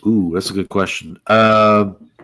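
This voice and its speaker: A man with a fairly low voice co-hosts a casual podcast. He talks in an easygoing, hesitant way, leaning on fillers as he gathers his thoughts. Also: steady tone, measured pace, fairly bright tone. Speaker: podcast co-host. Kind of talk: casual chat.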